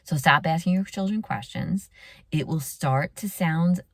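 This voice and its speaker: Woman, middle-aged, podcast host, low-pitched, earnest, hushed at times, dry studio sound. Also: unhurried, no echo. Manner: earnest, repeats key phrases, often drops to a hushed near-whisper. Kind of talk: advice talk to parents.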